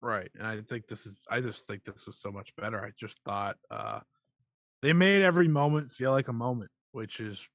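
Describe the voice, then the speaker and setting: A man co-hosting a casual wrestling podcast, talking excitedly and swearing freely. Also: on the low side, normal speed, no room sound, clean studio sound. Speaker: podcast co-host.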